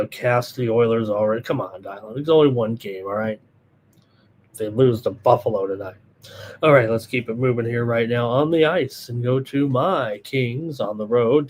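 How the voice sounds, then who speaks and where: A man's voice: mid-range voice, darkish tone, a little hiss or hum. Chatty man hosting a live betting show. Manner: rambling, many fillers and restarts, chatty. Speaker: sports betting show host. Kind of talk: live solo betting analysis, reading chat.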